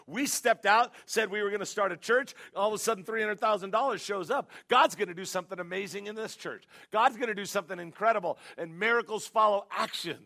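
Male preacher, high voice, gravelly, bright tone, animated storytelling sermon. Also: brisk, few pauses. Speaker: pastor.

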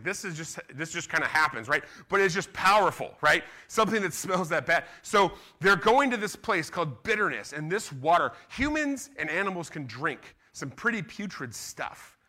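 Middle-aged pastor guy preaching, bright voice, chatty and animated. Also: medium pitch. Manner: animated, conversational preaching with acted-out quotes. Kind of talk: sermon.

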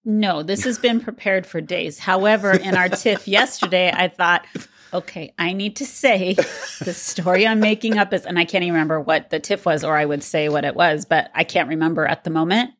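A woman's voice: on the low side, fairly even intonation, a little fast. Earnest woman podcast co-host. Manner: reflective, earnest. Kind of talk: casual podcast conversation.

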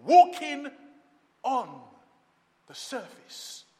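A man preaching a sermon with dramatic swings between loud calls and soft, low lines. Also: lively intonation, very slow, background noise. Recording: long hall reverb.

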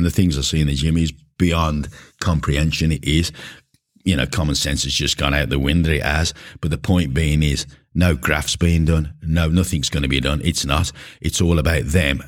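A middle-aged man, a gym coach, ranting casually to camera in a blunt, indignant, sweary way. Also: a bass voice. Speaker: gym coach and podcast host. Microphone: camera mic at close range.

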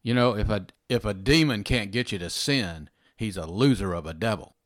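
An earnest man teaches scripture in a relaxed conversational way and circles back over his phrases. His voice sits a little low. The sound is dry and close. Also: normal speed, no echo. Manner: earnest, repeats phrases, frequent "you know" and "amen". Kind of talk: informal Bible teaching.

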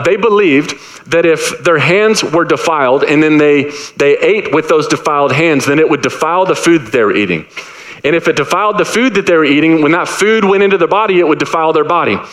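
A man in his thirties preaching a sermon, telling family stories in a casual, animated way and acting out the voices of his kids. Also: a little high, poor audio. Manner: casual, repeats words and restarts. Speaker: pastor. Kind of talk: sermon with personal anecdotes.

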